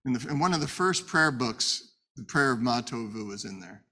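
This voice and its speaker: A man's voice: medium pitch, lively intonation, moderate pace, pushed and bright. A man teaching a Torah story in a conversational way, asking rhetorical questions as he retells it. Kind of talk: storytelling Bible lesson.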